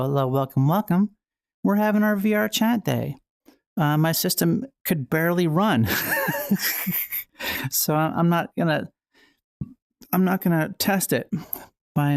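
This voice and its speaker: A woman's voice: deep voice, vocal fry, darkish tone, dry recording, studio quality. A woman hosting a casual livestream at home while playing VR, rambling and playful with frequent restarts. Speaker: livestream host.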